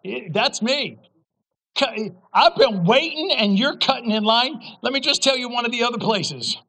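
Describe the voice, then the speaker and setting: A man preaching a sermon as pastor, telling a story with humor and sudden loud outbursts. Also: very high voice, animated, normal speed, rough recording.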